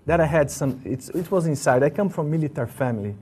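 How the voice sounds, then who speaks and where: A man with an Italian accent, a guest recalling his life with his teacher, speaking in halting, repeated starts with a laugh now and then. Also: on the high side, expressive, warm tone, breathy edge. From Italy. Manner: halting, restarts often, laughs as he tells stories. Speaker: interview guest. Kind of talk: casual spiritual reminiscence.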